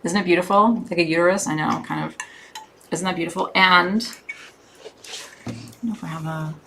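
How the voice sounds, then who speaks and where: Woman host for a live shopping stream, lower pitch, chatty and effusive, faint background hiss. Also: steady tone, normal speed, fairly bright tone. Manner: chatty, gushing, many fillers. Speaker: host selling crystals. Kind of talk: live shopping show chat.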